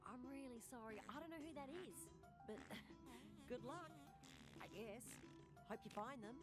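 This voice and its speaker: Jittery queasy alien. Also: female voice, high-pitched, expressive, unhurried, over loud music. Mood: nervous. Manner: jittery, defensive, giggly. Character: nervous queasy alien townsperson.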